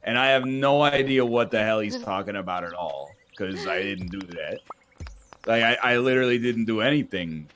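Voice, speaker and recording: A man's voice: lowish voice, animated, moderate pace, a bit bright, a little hiss or hum. Wry man ranting in mock grievance. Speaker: streamer. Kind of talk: casual chat.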